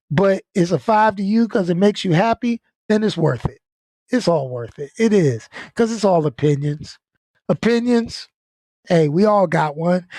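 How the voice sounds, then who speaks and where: A man's voice: sits high, darkish tone, no echo, studio quality. A man talking casually in a vlog, blunt and laid-back, swearing now and then and laughing easily. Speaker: YouTuber. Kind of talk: casual venting vlog talk.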